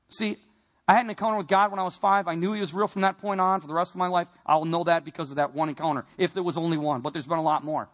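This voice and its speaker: A man with a noticeably high voice delivers an emotional testimony sermon. He tells his story earnestly, dropping to hushed, heavy moments and then pushing hard for emphasis. He speaks as a man from Wisconsin recounting his own life. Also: steady tone, racing. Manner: earnest storytelling, swinging between quiet and emphatic. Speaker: speaker giving a personal testimony.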